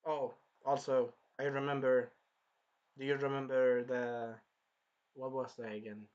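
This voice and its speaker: A man's voice: medium pitch, flat delivery, a little slow, darkish tone, lo-fi sound. A man casually reviewing an anime episode, rambling, swearing freely and jumping into character quotes.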